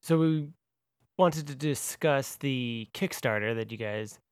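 A man's voice: mid-range voice, takes it slowly, clear, resonant tone, no room sound, studio quality. Easygoing male podcast host. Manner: easygoing, self-deprecating. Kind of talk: casual interview chat.

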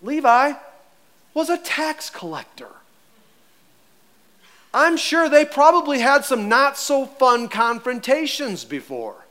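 Male pastor, high voice, lively conversational sermon delivery. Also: slow pace, long pauses. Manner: animated, conversational, acts out voices.

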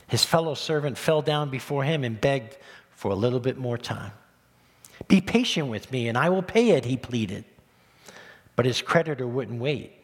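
Male pastor preaching in a reverberant hall. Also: medium pitch. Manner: animated, rising emphatic delivery with rhetorical questions. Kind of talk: sermon. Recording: long reverb of a church hall.

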